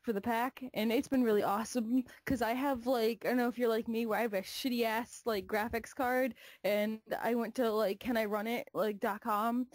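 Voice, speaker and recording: A young woman co-hosting a casual gaming talk show, animated, swearing freely, laughing often and packing her talk with fillers. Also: on the high side, normal speed, few pauses, no room sound. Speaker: co-host.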